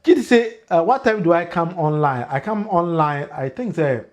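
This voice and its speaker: A Ghanaian man hosting a political livestream, talking in animated commentary that mixes Twi and pidgin English, with emphatic rises and frequent laughs. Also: a little high, normal speed.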